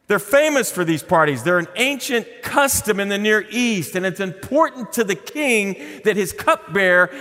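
A middle-aged man preaches with warm humor, and his pitch swings widely, from bright highs down to hushed, quiet lines. His voice sits a little high for a man. It rings with a long hall reverb. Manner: conversational preaching with humor and sudden drops to a quiet voice. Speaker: pastor. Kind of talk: sermon.

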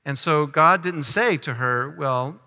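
A man's voice: fairly high pitch, lively intonation, normal speed, sharp tone, in a large hall. A man preaching a sermon, reading scripture aloud and asking his listeners teaching questions. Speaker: pastor.

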